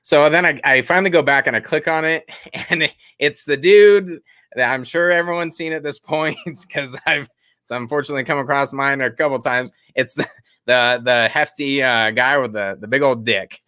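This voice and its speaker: A man's voice: medium pitch, normal speed, pushed and bright, smooth, no room sound. A man co-hosting a casual podcast, telling a self-deprecating story and laughing often. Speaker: podcast co-host.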